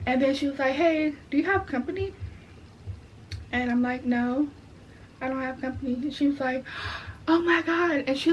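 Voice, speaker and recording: Young woman vlogging a storytime, high pitched, gets all worked up, kinda dull audio. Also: slight background noise. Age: young adult. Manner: animated, indignant storytelling. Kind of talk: casual storytime.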